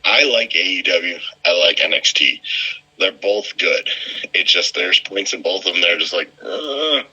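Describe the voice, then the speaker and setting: A man's voice: sits low, moderate pace, sharp tone, slightly rough. A man co-hosting a podcast, chatting easygoingly about wrestling, laughing and agreeing a lot. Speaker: podcast co-host. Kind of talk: casual wrestling chat. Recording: muffled lo-fi sound.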